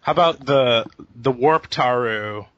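A man's voice: medium pitch, takes it slowly, fairly bright tone, no room sound. Man, podcast co-host, casual hesitant chat, dry muffled mic. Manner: hesitant, laughing, thinking aloud.

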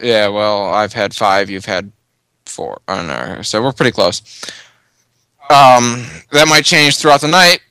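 A man's voice: lowish voice, unhurried, pushed and bright, smooth, dry recording. A man hosting a casual podcast chat after a few drinks, loose and rambling. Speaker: podcast host.

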